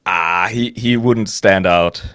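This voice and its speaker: A man with a Swiss German accent, a guest on a live podcast, speaking slowly and relaxed, with an amused tone. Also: low-pitched, no room sound, clean studio sound. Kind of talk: casual live-stream chat.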